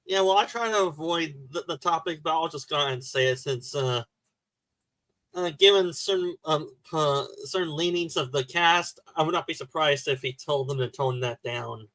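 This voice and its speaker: A man co-hosting a casual livestream chat, talking haltingly with frequent restarts. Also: fairly high pitch, fairly bright tone, no echo. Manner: halting, stumbles and restarts words. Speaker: livestream co-host.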